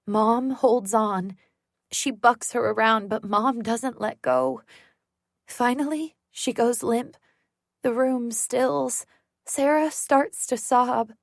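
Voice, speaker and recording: A woman narrating a thriller audiobook in the first person, measured and tense. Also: on the high side, fairly even intonation, dry recording, clean studio sound.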